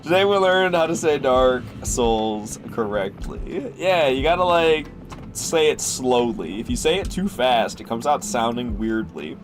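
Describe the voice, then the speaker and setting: A man's voice: mid-range voice, lively intonation, unhurried, hardly any pauses, faint music behind. A man streaming a video game, rambling and joking through casual commentary and swearing freely.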